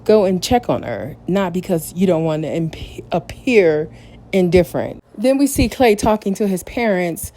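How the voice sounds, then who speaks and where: A woman hosts a casual podcast recap and walks through each scene in detail with blunt, opinionated commentary. Her voice sits on the lower side and sounds mellow and warm. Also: animated, normal speed. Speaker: podcast host.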